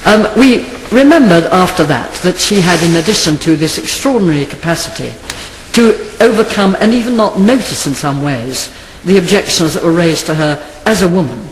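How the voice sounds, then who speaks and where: A high-pitched man tells a measured anecdote to an audience. His voice rings with a long hall reverb. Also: animated, a little hiss or hum. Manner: measured, storytelling. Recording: echoey hall.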